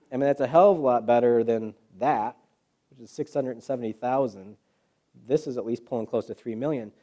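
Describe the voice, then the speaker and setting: A man presenting to a live audience in a hall, telling stories with rhetorical questions and acted-out quotes. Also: medium pitch. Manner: animated storyteller, acts out quotes, rhetorical questions. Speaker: guest presenter. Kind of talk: public talk to a live audience.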